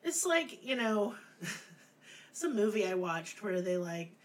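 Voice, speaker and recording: A middle-aged woman hosts a podcast, telling a fairy tale in crude, sarcastic, comic fashion as profane comedic storytelling. Her voice is medium-pitched and her delivery slow.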